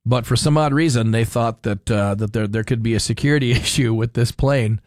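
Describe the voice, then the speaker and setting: Speaking briskly in a medium-pitched, darkish voice with no room sound, a talk radio host rambles wryly through the news. He chuckles often, keeping the studio-mic commentary casual.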